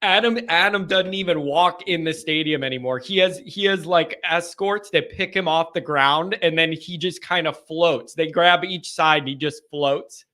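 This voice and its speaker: A man hosting a call-in show from his basement, chatting casually with animated, joking banter. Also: a little high, moderate pace, hardly any pauses. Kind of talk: casual chat.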